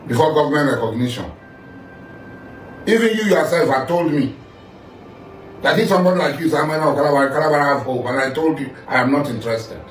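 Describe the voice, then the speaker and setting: A middle-aged Nigerian man delivering a confrontational statement, accusing and repeating himself as he talks straight at the listener. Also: medium pitch. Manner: accusing, repetitive, addresses the listener directly. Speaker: political figure making a statement. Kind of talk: confrontational monologue. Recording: echoey room, voice far from mic, faint music.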